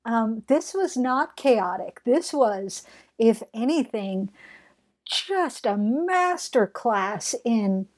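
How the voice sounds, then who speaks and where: Bright-voiced woman podcast co-host. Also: a little high. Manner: animated, laughing, quick bursts. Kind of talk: casual chat.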